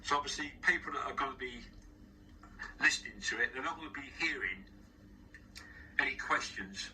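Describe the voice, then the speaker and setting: A man with a London accent speaks as an interview guest, rambling and frank, with frequent restarts. His voice is very bright and sharp. He sits a little back from the mic, with faint noise behind him. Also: medium pitch, lively intonation, moderate pace, recorded from a distance, poor audio. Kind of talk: casual spoken monologue. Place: studio. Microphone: wearing headphones.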